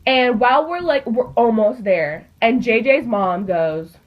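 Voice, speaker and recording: A teenage girl telling a story in a casual, chatty way, with lots of fillers and an animated delivery. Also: on the high side, unhurried. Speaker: vlogger. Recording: dull lo-fi recording.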